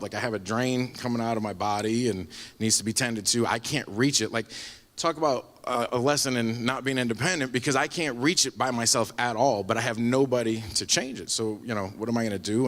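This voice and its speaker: Guy telling his testimony at church, rambly and lively, voice ringing in a big hall. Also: medium pitch. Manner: rambling, animated storytelling with laughs. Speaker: church member giving a testimony. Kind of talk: spoken testimony at a church service. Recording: live church hall with long reverb.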